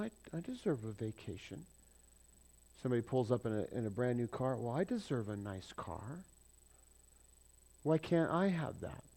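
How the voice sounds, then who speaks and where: Pastor, male, mid-pitched voice, preaching with lively swings between loud and soft, quizzes the congregation. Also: gravelly. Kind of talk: sermon.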